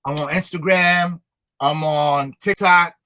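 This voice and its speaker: Young rapper guest, high bright voice, repeats himself for emphasis. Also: male voice, steady tone, slow pace. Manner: emphatic, repetitive, motivational. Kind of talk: casual interview talk.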